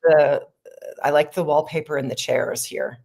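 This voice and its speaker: A woman's voice: sits low, steady tone, unhurried, gravelly, a little mellow. A middle-aged woman in casual chat about making her sketch comedy, chatty and rambling. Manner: chatty, rambling, laughs often. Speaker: sketch comedy creator and lead actor. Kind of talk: casual behind-the-scenes chat.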